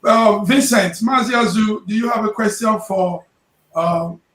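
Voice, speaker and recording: A man's voice: high voice, a little slow, fairly bright tone, reverberant. A man hosting a live TV talk show, who talks in a hesitant way with stammering restarts.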